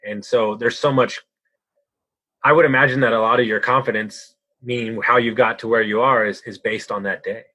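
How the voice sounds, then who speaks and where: A man's voice: medium pitch, fairly even intonation, moderate pace, sharp tone, no echo. A male podcast host who asks questions in an encouraging way and often repeats his words. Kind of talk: conversational interview. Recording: dry, dull lo-fi sound.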